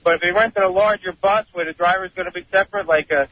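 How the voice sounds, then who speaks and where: A man's voice: sits high, fairly even intonation, quick pace, no echo. A man calling in to a radio show, insistent and matter-of-fact as he explains the law. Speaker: caller, state trooper. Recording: dry, muffled phone-in sound.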